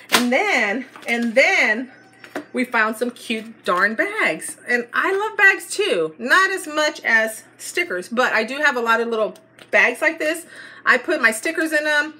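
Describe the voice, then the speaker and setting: A woman's voice: fairly high pitch, bright, forceful tone, a little hiss or hum. A middle-aged woman, chatting and gushing as she shows a store haul in a casual vlog. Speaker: haul vlogger.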